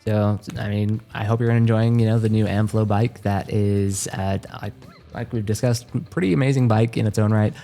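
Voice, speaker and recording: Hoarse, nasal man co-hosting a podcast. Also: on the low side, fairly even intonation, moderate pace, warm tone, soft background music. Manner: easygoing, filler-heavy. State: hoarse from a cold. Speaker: podcast co-host. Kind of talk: casual podcast chat.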